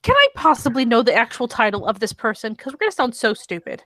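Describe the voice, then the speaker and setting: A woman's voice: fairly high pitch, big pitch swings, fast talker, bright, forceful tone, no room sound. A woman playing a tabletop game, asking wry, careful questions. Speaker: player. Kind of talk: casual tabletop game chat.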